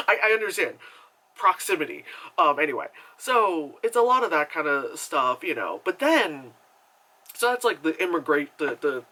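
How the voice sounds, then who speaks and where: A man talks through a movie review in a loose, rambling way, full of fillers. His voice sits a little high and sounds bright and sharp. He gets animated and acts out the characters as he goes. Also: moderate pace. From New York. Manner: animated storyteller, acts out quotes. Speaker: film reviewer.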